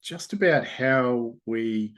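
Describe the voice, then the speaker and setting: A man telling a parable in a relaxed, rambling way as host of a short message. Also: medium pitch, takes it slowly. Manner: relaxed, rambling, with fillers and restarts. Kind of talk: casual parable storytelling.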